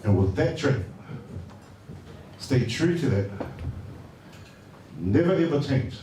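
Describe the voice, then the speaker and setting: A man's voice: mid-range voice, mellow. Joking Samoan man in an echoey hall. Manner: hesitant and joking, many fillers. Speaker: speaker at a birthday party. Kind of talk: casual speech at a party. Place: large party hall. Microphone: handheld mic. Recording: echoey hall from far off, noisy.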